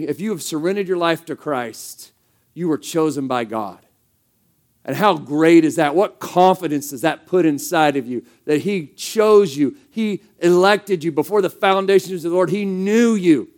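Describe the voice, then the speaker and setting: A male pastor with a high voice preaches a sermon, speaking in a conversational, emphatic style packed with rhetorical questions.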